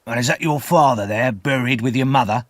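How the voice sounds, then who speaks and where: A man reading an audiobook and voicing a rough, menacing escaped convict who growls his threats. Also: medium pitch, fairly quick, a bit bright, no echo, studio quality, natural voice. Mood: gruff. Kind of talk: audiobook character voice.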